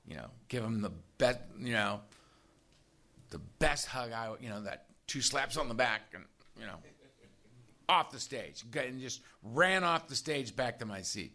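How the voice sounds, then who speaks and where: A man speaks to an audience about his recovery in a candid, storytelling way. His voice is bright and forward, at a middling pitch. He keeps it conversational, tossing in "right?" as he goes. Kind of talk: personal recovery talk to an audience.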